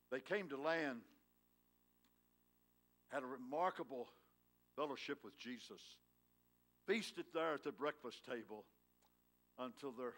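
Man preaching a sermon, loud then hushed. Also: mid-range voice. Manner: swings between loud emphatic lines and hushed tender ones; prods the congregation with questions. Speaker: pastor. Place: church sanctuary.

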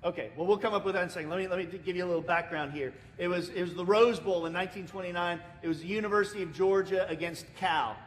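A man's voice: quick pace, few pauses. An American man preaching a sermon as pastor, telling a story with lots of repeated words and restarts. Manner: lively storytelling, acting out the people in it. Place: church sanctuary. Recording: reverberant church hall, faint rumble.

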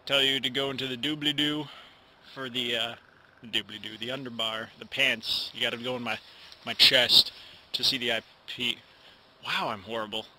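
A young man records for his YouTube channel at home, speaking to camera in a bright, forceful mid-range voice over slight background noise. It's casual and rambling, with occasional mumbling and lots of false starts and retakes.

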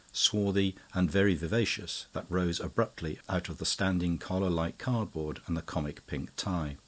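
A man narrates a classic story in a deep, low voice with a husky edge. His reading is measured and even. It is a plain audiobook delivery. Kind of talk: scripted narration.

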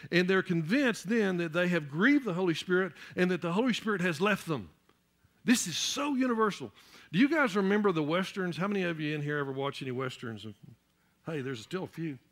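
Pastor guy preaching, high voice, swells up loud and punchy, stumbles on repeated words. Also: animated, brisk. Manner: preaching that builds to loud, emphatic peaks; repeats words while searching for the next one. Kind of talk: sermon. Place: church.

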